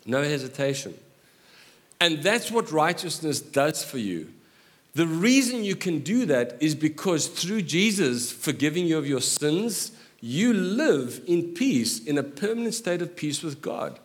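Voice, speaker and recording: A middle-aged man preaching a sermon in an animated way, joking with quick asides. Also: on the high side. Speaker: pastor.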